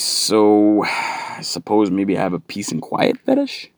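A man's voice: fairly low pitch, wildly swooping pitch, unhurried, dry recording. A man doing a stand-up comedy monologue, sardonic and profane, ranting with a close, dry sound.

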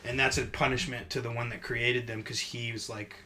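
A man hosting a casual podcast, talking in long rambling stretches full of fillers and breaking into animated impressions. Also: mid-range voice, fairly quick, few pauses, a little hiss or hum, rough recording. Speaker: podcast host.

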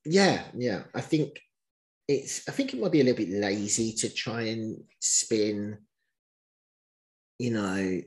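Guy co-hosting a chatty show, animated, pitch leaps when exasperated. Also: slow pace, long pauses, poor audio. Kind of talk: casual chat recapping reality TV.

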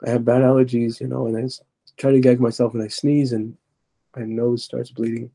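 A man's voice: medium pitch, level tone, brisk, gravelly, mellow. A man, a podcast guest, giving an earnest, confessional account of his personal testimony, often stopping and restarting as he retells it.

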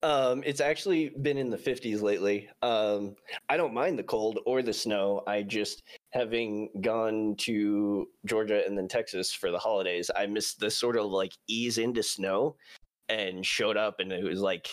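A man with a deep voice chats casually with friends on a podcast. He speaks in a relaxed way and keeps his answers short. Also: normal speed. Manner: brief, laid-back replies. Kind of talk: casual chat among friends.

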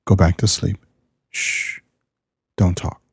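A weeping husband keeps a soft, soothing hush at a deathbed, as a deep-voiced man acts him out. His voice is low and gravelly. The sound is dry and close. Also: flat delivery, takes it slowly, dry recording, full character voice. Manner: soothing, hushed.

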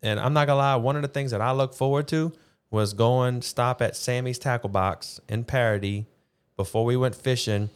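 A man co-hosting a casual podcast, telling stories in a relaxed, easygoing way with a bit of swearing. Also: medium pitch, moderate pace, clean tone. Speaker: podcast co-host. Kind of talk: casual chat.

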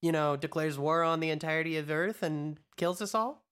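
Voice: mid-range voice, brisk, fairly bright tone, smooth. A podcast co-host in casual chat, guessing hesitantly with many fillers.

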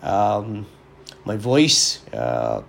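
A man's voice: fairly low pitch, big pitch swings, extremely slow, gravelly, slight background noise. A man, a parish priest, giving a reflective podcast homily with frequent restarts, his voice strained from illness.

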